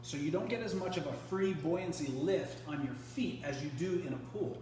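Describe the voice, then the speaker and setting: A man's voice: a little high, moderate pace, darkish tone, a little hiss or hum. A man hosting a live product demo beside a swim spa, chatty, explaining as he goes with restarts. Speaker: host and triathlon coach.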